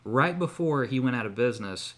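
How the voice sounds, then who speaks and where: A man's voice: medium pitch, expressive, fairly quick. A man co-hosting a podcast, telling a long story in casual chat with many fillers and restarts. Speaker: podcast co-host.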